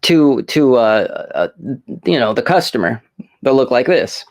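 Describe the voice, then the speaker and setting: A man's voice: mid-range voice, big pitch swings, a little slow, darkish tone. Man rambling through a story. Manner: rambling storyteller, restarts and repeats. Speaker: host. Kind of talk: casual storytelling chat.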